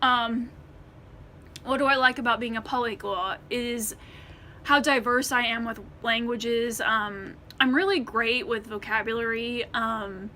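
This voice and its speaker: A woman's voice: fairly high pitch, a little slow, pushed and bright, slight background noise. An American woman chatting casually to the camera in a Q&A vlog, rambling with many ums and restarts. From United States. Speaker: vlogger.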